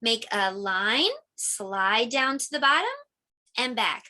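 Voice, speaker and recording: Woman, middle-aged, preschool teacher, slow sing-song delivery, bright clear tone. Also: fairly high pitch, expressive. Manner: slow, sing-song and encouraging, speaking to small children. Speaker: homeschool pre-K teacher. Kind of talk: children's video lesson.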